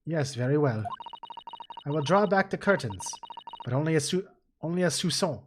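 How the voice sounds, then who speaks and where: A man's voice: a little high, lively intonation, normal speed, a little hiss or hum, close to an everyday voice. A man putting on a stern French museum owner. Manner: stern, flustered, clumsy fake French accent. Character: stern French woman running a wax museum. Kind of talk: reading game dialogue aloud. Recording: game music playing behind.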